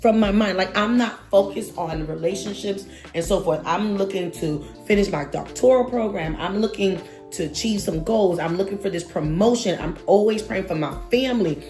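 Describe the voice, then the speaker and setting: Animated woman telling a story. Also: mid-range voice, normal speed, few pauses, soft background music. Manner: animated, expressive, acts out quotes with exaggerated reactions. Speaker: vlogger telling a personal story. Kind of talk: casual storytelling to camera.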